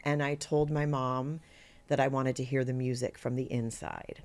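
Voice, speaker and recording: A woman's voice: a bass voice, normal speed. A middle-aged woman, a guest actor, telling anecdotes in an interview and acting out the voices of people she quotes. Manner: animated storyteller who acts out quoted voices.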